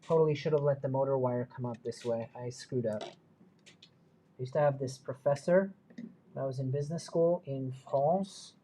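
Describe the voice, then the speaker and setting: Male streamer working indoors on a hobby build, chatty and self-mocking, mid-pitch voice. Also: moderate pace, warm tone, slight background noise. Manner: muttering to himself, self-deprecating, chatty asides. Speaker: livestream host. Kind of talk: live build stream, thinking aloud.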